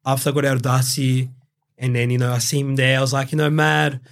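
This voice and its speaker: A man's voice: mid-range voice, little pitch movement, fast talker. A young Australian man from Brazil, telling his story as a guest in a casual interview, rambling with heavy swearing and fillers. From Brazil, raised in Australia.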